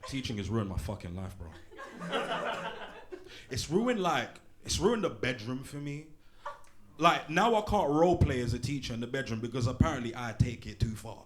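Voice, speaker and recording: Man in his late twenties, brash and profane stand-up, lively swinging pitch, faint live-room noise. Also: moderate pace. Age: late 20s. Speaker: stand-up comedian. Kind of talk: stand-up comedy set. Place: small comedy pub venue, live audience. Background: audience laughter.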